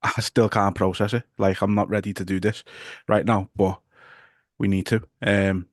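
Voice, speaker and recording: A man with a Liverpool accent hosting a podcast, talking haltingly with many restarts. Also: lowish voice, flat delivery, no echo, clean studio sound. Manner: halting, stumbling restarts, nervous laughs. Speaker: podcast host. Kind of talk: casual podcast chat.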